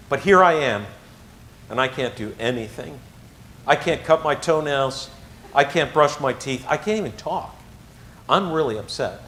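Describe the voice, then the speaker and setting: Animated man telling a personal story. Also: on the high side, a little hiss or hum. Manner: animated storytelling with swings from hushed to excited. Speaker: motivational speaker. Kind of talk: personal story told to an audience.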